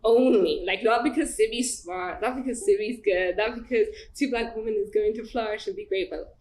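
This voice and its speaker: A woman's voice: mid-range voice, moderate pace, a little mellow. Earnest woman co-hosting, echoey room. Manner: earnest, emotional, testimony-like. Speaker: podcast co-host. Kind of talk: heartfelt podcast conversation. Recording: echoey room with faint background noise.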